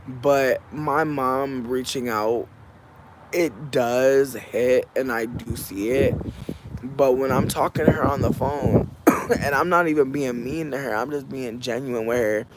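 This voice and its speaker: A man's voice: medium pitch, slight background noise. Give me a sassy, profane man venting on a livestream. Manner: animated, profane, sassy, laughs while telling the story. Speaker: live streamer. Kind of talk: casual venting livestream storytelling.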